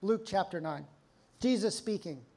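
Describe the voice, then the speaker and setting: A male pastor preaching a sermon in a conversational, animated way, acting out quotes while telling stories. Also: high-pitched, moderate pace.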